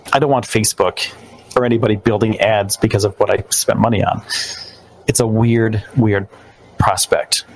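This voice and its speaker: On a rough recording, a man's slightly mellow voice sits on the low side. He's hosting a podcast in New York, chatting casually as on a live stream, rambling with fillers and loose restarts.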